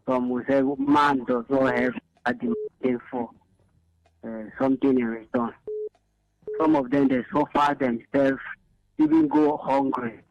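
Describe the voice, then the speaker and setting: Gravelly man on a dull phone line. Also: medium pitch, no room sound. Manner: hesitant, searching for words. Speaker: caller. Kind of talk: phone-in comment on radio. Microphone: phone call.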